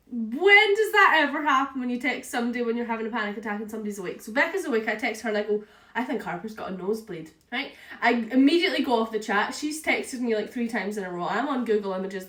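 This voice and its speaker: A young woman telling a story in a casual vlog, chatty and animated, with lots of "like" and "right?". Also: on the high side. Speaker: vlogger. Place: room at home. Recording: echoey room, a bit far from the mic.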